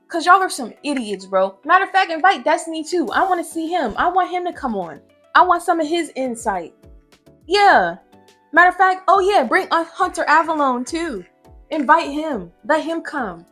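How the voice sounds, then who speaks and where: A young woman, an online commentator, rants brashly and profanely from her own room at home while faint music plays behind her. Her high, sharp voice is animated and moves at a moderate pace in this heated reaction commentary.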